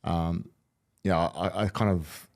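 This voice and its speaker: A man's voice: sits low, fairly even intonation, unhurried, darkish tone. A middle-aged man, a retired rugby league player telling candid, rambling stories as a podcast guest. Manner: candid, rambling with many restarts. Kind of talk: casual storytelling interview.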